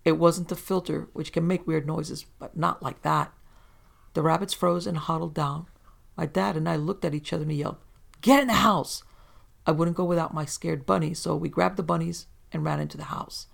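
Gravelly, even-paced story narrator. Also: mid-range voice. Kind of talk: scripted narration of first-person paranormal accounts.

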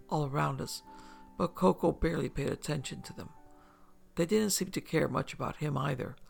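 Male storyteller, extremely gravelly, slightly high pitch, soft measured reading, faint music under it. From upstate New York. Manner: soft, measured and hushed at times. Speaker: narrator. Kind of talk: scripted first-person story narration.

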